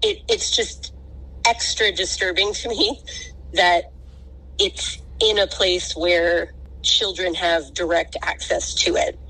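A woman's voice: on the low side, steady tone, slow pace, sharp tone, breathy edge, low-quality recording. A local woman interviewed for the news, speaking in an earnest, troubled way.

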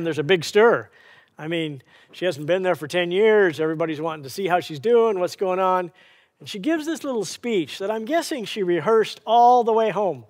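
High-voiced man preaching a sermon. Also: long reverb tail. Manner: storytelling preacher, rhetorical questions to the congregation. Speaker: pastor.

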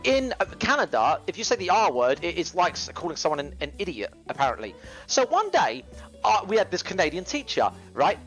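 A man's voice: high-pitched, wildly swooping pitch, a little fast, fairly bright tone, soft background music, poor audio. A British man livestreaming, telling rambling slangy stories with plenty of swearing. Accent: British English. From United Kingdom. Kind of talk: casual livestream chat.

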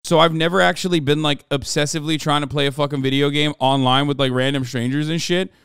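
Animated, profane male streamer, higher voice. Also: quick pace, clean tone, no echo, studio quality. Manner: animated, profane, rambling with restarts. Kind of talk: casual livestream chat.

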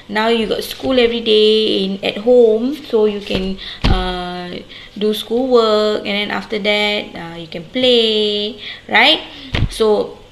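A woman teacher, explaining a lesson to young children slowly and patiently and often checking with "okay?". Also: medium pitch, vocal fry, echoey room, slight background noise, low-quality recording. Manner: slow, patient, sing-song explaining with many "okay?" checks. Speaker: primary school teacher.

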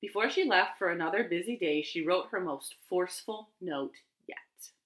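A woman hosting a children's storytime, reading aloud slowly and expressively from her living room. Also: lowish voice. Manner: animated, slow and expressive.

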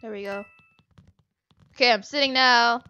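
High, bright-voiced excitable woman gamer. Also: normal speed, smooth, dull audio, soft background music. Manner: excitable, shrieks and laughs at scares, then chatty and apologetic. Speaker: gaming channel host. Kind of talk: live gameplay commentary.

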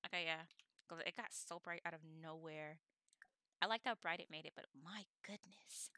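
Excitable woman narrating her gameplay. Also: sits low, normal speed, clear, resonant tone. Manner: excitable, gushing. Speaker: let's play host. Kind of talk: casual gameplay commentary.

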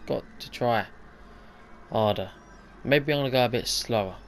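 A man hosting a gaming channel, commenting live on his own play, talking to himself with mounting frustration and sudden loud outbursts when he fails. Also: mid-range voice, normal speed, a little hiss or hum.

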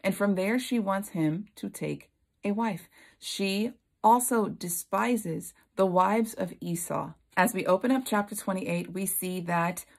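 A woman's voice: mid-range voice, a little slow, creaky. A woman leading a Bible study, retelling the story expressively and acting out its characters.

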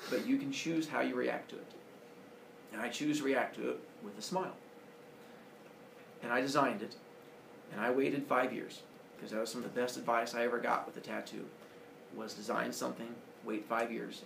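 Earnest man with a gravelly voice in an echoey room. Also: mid-range voice, far from the mic, slight background noise. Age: 40s. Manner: earnest, personal storytelling. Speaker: school speaker. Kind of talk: motivational talk to students.

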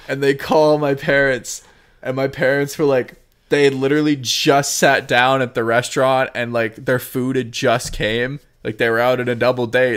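A man's voice: medium pitch, smooth. A young man co-hosting a podcast, telling a long rambling story in casual chat, packed with "like", swearing and bursts of laughter. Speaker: podcast co-host.

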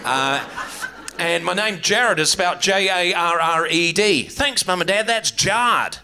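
A middle-aged man from New Zealand with a New Zealand accent, doing a brash, sweary stand-up set and loud crowd work on a comedy club stage. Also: sits high, expressive, unhurried, background noise.

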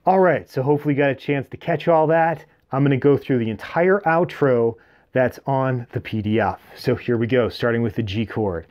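A man's voice: mid-range voice, moderate pace, dull audio. A man giving a guitar lesson, explaining chords and strums plainly and counting beats aloud as he plays. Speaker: guitar teacher. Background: his own acoustic guitar playing.

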